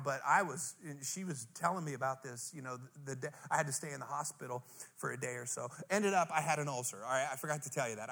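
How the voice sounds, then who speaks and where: A middle-aged man preaching a sermon, telling a funny personal story with lively acted-out lines, then growing quiet and earnest. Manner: animated, comic storytelling that turns soft and earnest; acts out his own past lines in a high, whiny voice. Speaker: pastor.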